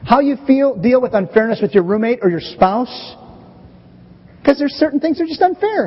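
A middle-aged pastor preaching a conversational, animated sermon to his church. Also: extremely high pitch, normal speed, breathy edge. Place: church sanctuary. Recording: dull, hazy recording with long church reverb.

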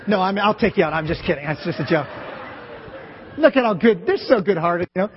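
Joking around with volunteers on stage, a pastor delivers a playful sermon in a church sanctuary, his high, expressive voice moving a little fast. The lo-fi recording carries a long hall reverb and a little hiss or hum.

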